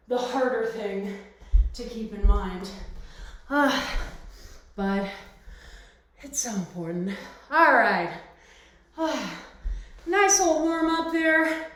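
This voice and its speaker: A woman's voice: high-pitched, far from the mic, slight background noise. A woman fitness instructor leading a live home workout class, chatty and encouraging, with many fillers. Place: home exercise space. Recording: very echoey room.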